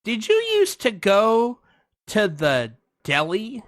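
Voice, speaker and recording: A man voicing a chatty, nosy woman who used to work at a deli, talking high and sing-song. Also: huge pitch swings, slow, no echo, clean studio sound, full character voice. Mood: pushy. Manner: loud, high and sing-song, pestering strangers. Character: chatty middle-aged woman, nosy former deli worker.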